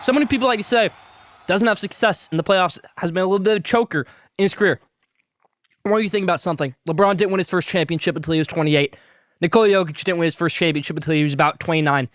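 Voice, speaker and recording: A man hosting a sports podcast, pitching a sponsor and giving basketball hot takes between bites of food, talking with food in his mouth at times. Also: fast talker, dry recording. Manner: hyped, salesy, talks with food in mouth. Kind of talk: sponsored hot-takes segment while eating.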